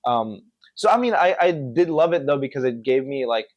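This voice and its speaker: Man, from Connecticut, podcast guest, animated storytelling, filler-heavy, middle pitch. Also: moderate pace, muffled recording. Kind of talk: casual chat.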